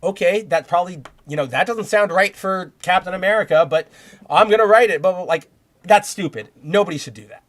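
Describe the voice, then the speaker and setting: A man's voice: sits high, a little fast, fairly bright tone. A young man hosting a podcast, talking in rambling casual commentary with many restarts and heated bursts of profanity. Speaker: podcast host.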